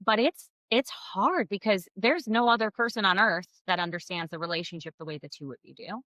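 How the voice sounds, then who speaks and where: A woman giving blunt, expressive co-parenting advice straight to her viewers, swearing freely. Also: mid-range voice, brisk, dry recording, rough recording. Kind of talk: casual advice to camera.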